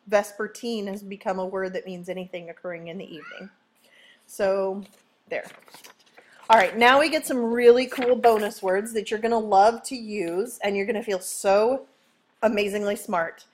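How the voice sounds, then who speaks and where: A woman high school English teacher giving a playful, chatty vocabulary lesson at home, often checking in with "okay?". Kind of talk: casual vocabulary lesson video.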